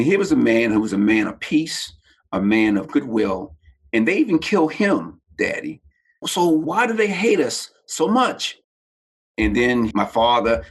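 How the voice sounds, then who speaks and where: A man in his sixties from Baltimore, United States, appears as a podcast guest, animatedly telling personal stories in an interview and acting out the voices he quotes. His voice is lowish and gravelly with a breathy edge.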